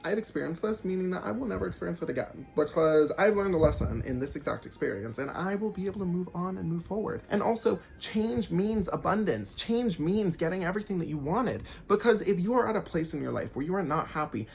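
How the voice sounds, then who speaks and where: A young man giving an emphatic motivational talk to camera, swearing casually and turning animated when he acts out what people say. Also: high-pitched, a little fast, gravelly, hardly any pauses, soft background music. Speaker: self-help vlogger.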